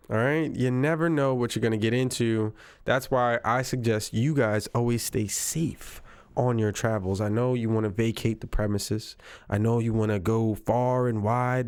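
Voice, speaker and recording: A man's voice: mid-range voice, normal speed, smooth, no room sound, studio quality. A man giving casual reaction commentary on news clips, wry and incredulous, repeating lines for effect.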